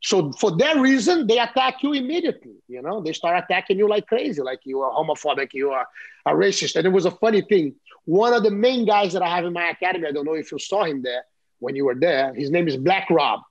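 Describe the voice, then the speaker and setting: A man in his fifties with a Brazilian accent, a guest in an interview, telling stories in an animated way and often repeating and restarting his words. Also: high voice, fast, highs cut off. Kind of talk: casual interview storytelling.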